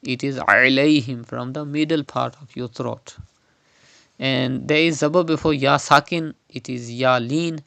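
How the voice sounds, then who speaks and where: A man teaching Quran recitation step by step, slowly modelling and repeating each word's pronunciation. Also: mid-range voice, steady tone, vocal fry, a bit bright, no echo.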